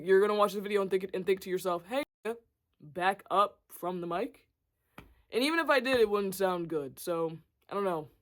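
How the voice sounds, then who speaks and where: A congested young man of nineteen jokes and mocks himself in a loose, chatty vlog, his voice sitting high. He holds a tiny mic close, so the sound is dry and very near, with no room around it. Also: no echo. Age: young adult. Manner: joking, self-mocking, animated. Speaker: vlogger. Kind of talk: casual talking-head chat. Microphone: small handheld mic, close.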